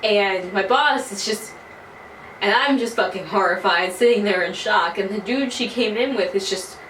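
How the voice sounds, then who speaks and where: Young woman, early 20s, animated storyteller who swears freely, recorded on a camera mic from a distance in a roomy space. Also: mid-range voice, normal speed. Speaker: vlogger. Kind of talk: casual storytelling. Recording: roomy, from a distance, faint noise.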